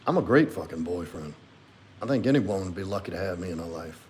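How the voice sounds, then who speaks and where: A man's voice: sits low, animated, fast talker, a little mellow, slight background noise. A man hosting a casual livestream as a men's coach, reading viewer comments aloud and reflecting on them earnestly.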